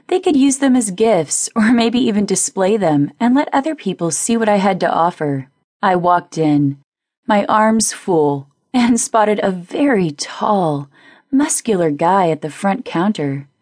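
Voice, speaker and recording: A woman narrating a first-person audiobook in a lively, playful way on a close studio mic. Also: mid-range voice, no room sound.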